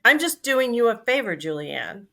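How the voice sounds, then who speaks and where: A woman in her sixties, a company CEO, telling a lively story in conversation and acting out the quoted dialogue. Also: a little high, moderate pace, vocal fry.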